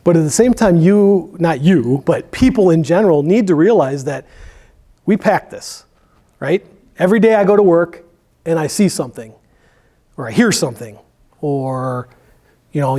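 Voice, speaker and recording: A man's voice: a little high, mellow. A man who works as a firefighter, talking candidly about his job in a church Q&A, rambling with many fillers. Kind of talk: conversational Q&A in church.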